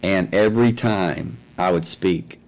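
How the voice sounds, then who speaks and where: Over a rough recording from his home mic and mixer, an online talk show host tells a casual, wandering story, constantly repeating "I said" and "he says." His voice sits low and moves at a measured pace.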